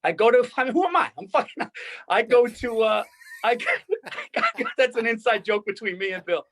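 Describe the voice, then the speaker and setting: A man's voice: extremely high pitch, expressive, moderate pace, a bit bright. A man co-hosting a casual comedy podcast, telling rambling, profane, worked-up stories. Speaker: podcast co-host.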